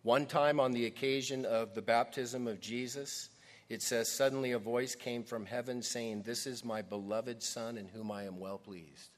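Preacher swinging from booming to hushed. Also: male voice, fairly even intonation, normal speed. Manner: dynamic, swings from loud emphasis to hushed near-whisper. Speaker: pastor. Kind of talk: sermon.

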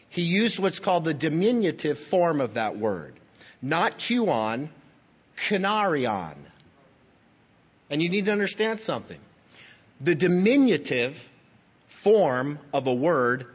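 Guy preaching, kinda high husky voice, explains stuff and talks right at the congregation, echoey hall, muffled lo-fi sound. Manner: teaching, emphatic, addresses listeners directly. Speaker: pastor. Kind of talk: sermon. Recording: dull, lo-fi recording in a reverberant hall.

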